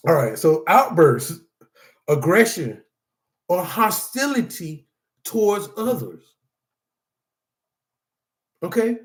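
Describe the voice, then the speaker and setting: A man's voice: high-pitched, roomy sound. A man hosting a support-group talk to camera, part preaching, part casual chat, who laughs often and calls his viewers y'all.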